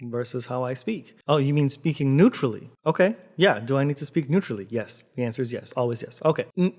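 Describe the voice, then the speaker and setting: A man from Canada, a theatre artist, talking casually to camera in a clear, measured, explanatory way. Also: medium pitch.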